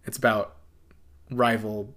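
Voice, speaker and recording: Slow-talking man co-hosting a podcast. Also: fairly low pitch. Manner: animated, laughs often, quotes movie lines in put-on voices. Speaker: podcast co-host. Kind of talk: casual chat.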